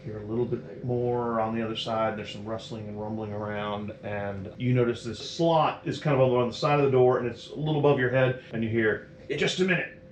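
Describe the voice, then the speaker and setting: A man's voice: mid-range voice, a little fast, hardly any pauses. Man narrating as game master. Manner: relaxed, rambling description with fillers. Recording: roomy echo, faint noise.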